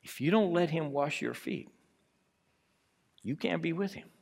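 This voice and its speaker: A man delivers a sermon in a high voice, taking his time over each phrase. He swings from quiet, drawn-out lines to loud, forceful ones. The sound carries a long reverb, as if he is speaking in a large hall. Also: husky. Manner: dramatic, swings from hushed to loud. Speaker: preacher.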